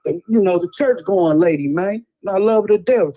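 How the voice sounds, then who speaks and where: On a talk show, a middle-aged man casually tells blunt, preachy, streetwise stories about tough parenting. His voice is high-pitched with a dark tone, moving at a moderate pace, and the recording is rough.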